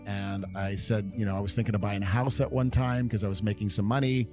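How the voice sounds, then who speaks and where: A man's voice: on the low side, fairly even intonation, a little mellow, faint music behind. A man in his fifties from California, a podcast guest telling long, meandering stories from his past at an easy pace. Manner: unhurried, meandering storyteller. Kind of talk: reminiscing interview storytelling.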